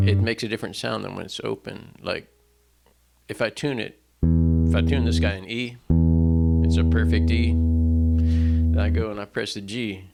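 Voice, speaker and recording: A man's voice: fairly low pitch, creaky. A man, a singer-songwriter, talking casually between songs in a rambling, self-deprecating way, full of fillers and restarts, at a stand mic in a small home stage setup. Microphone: stand mic in front.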